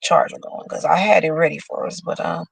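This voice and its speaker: Gravelly lady riffing on horoscopes, dramatic and cussing, dry room. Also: low-pitched, very animated, brisk, no echo, rough recording. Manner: dramatic, profane, chatty. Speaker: horoscope show host. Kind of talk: casual chat reading horoscopes aloud.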